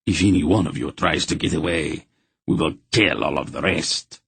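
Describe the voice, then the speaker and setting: A harsh, threatening soldier captain barks orders in a rasping growl, as a man reads him in an audiobook. The voice sits very low and slightly husky. The sound is dry and close. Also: normal speed, fairly bright tone, no room sound, heavily acted. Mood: menacing.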